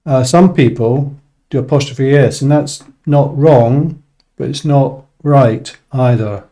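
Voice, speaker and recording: A man teaching an English grammar lesson in a relaxed, casual way, thinking aloud with frequent "uh" and "um". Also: mid-range voice, slow pace.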